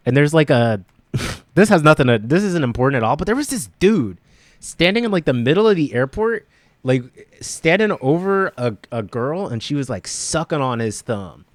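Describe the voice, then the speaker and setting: A man's voice: mid-range voice, lively intonation, normal speed, dry recording. A young man telling a long story on a casual podcast, laughing often and acting out what people said. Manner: rambling, laughs often, acts out quotes. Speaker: podcast co-host.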